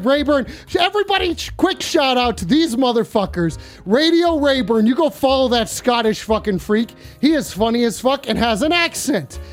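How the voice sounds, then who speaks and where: A live-stream host in their thirties taking phone calls, talking in a loud, profane, casual way and often bursting into shouts. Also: high voice. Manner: excitable, swears constantly, bursts into shouting.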